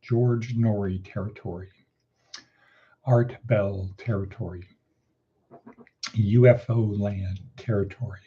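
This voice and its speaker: A man's voice: on the low side, steady tone, slow pace, pauses often, breathy edge, phone-quality sound. A man hosting his daily morning podcast in a rambling, casual way, repeating phrases for emphasis. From Nevada. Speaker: podcast host.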